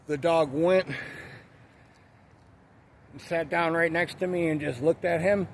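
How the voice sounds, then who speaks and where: A man's voice: on the high side, fairly even intonation, unhurried, vocal fry, a little hiss or hum. A man telling a story in a blunt, profane, ranting way, in a casual monologue. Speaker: vlogger.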